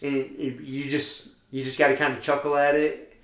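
A man's voice: medium pitch, little pitch movement, moderate pace, roomy sound. A man co-hosting a podcast in casual chat, joking, laughing often and swearing freely. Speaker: podcast co-host.

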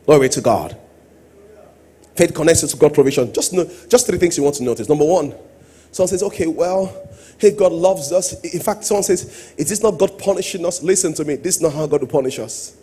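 Male pastor, husky high voice, sermon delivery that drops to quiet asides and rises to sung-out calls. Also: a little fast. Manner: swings between soft asides and loud sung-out exhortation.

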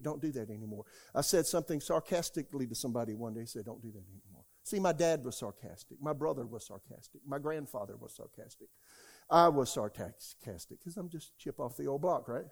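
A man preaches a sermon as a pastor. His voice sits a little high for a man. He tells stories from his own life and rises to loud, shouted quotes. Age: 60s. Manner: storytelling, rising to shouts when quoting God.

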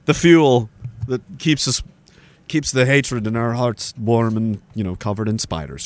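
A man's voice: mid-range voice, measured pace, no room sound. A man hosting a livestream, ranting sarcastically and swearing, with laughs between remarks. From Canada. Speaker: livestream host. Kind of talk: casual ranting commentary. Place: indoor room by a woodpile.

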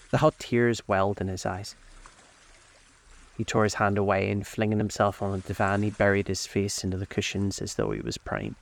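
A man reading a classic novel aloud as a storyteller, steady and unhurried. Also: lowish voice, gravelly.

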